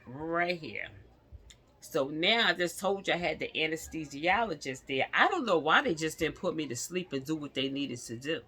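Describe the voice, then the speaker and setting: A woman vlogger telling a personal story to her viewers in a casual, animated way, laughing often. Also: low-pitched, moderate pace, slightly rough.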